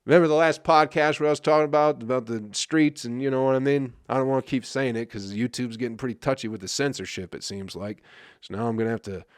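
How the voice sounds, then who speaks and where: A man's voice: medium pitch, fast, no echo, studio quality. Profane ranting male podcast host. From Flint, Michigan. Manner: swears constantly, asks "you know what I mean, people?".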